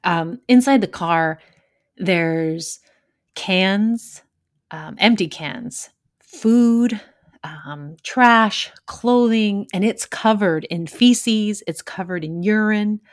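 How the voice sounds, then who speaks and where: A woman's voice: medium pitch, very slow, dry recording, studio quality. A woman who works crime scenes, casually telling a gross work story with candid laughs.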